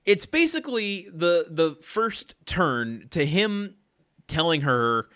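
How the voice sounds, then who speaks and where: A man co-hosting a podcast, talking casually about a film in an expressive, laughing, exasperated way. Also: on the high side, takes it slowly. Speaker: podcast co-host. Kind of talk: casual chat reviewing a film.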